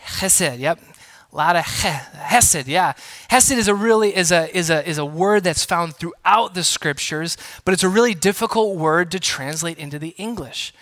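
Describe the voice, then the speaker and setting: A man preaching from the pulpit in a bright, somewhat high voice. He teaches in an engaging way, invites the congregation to join in and drops playful self-deprecating asides. The sound is dry and close. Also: normal speed, no room sound. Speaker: pastor. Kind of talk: sermon.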